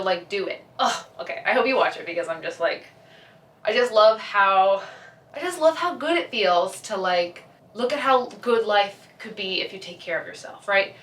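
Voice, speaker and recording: A young woman vlogger chats casually, gushing as she retells a film and acts out its lines. Her voice is mid-range with a fairly bright tone, recorded a bit far from the mic in an echoey room.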